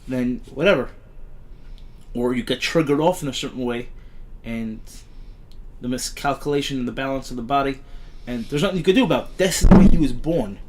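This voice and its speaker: A man's voice: medium pitch, fairly quick, long pauses, a little mellow. A middle-aged father chatting as a podcast guest, telling stories in a rambling way with many restarts. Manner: rambling storyteller, frequent restarts. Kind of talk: casual chat.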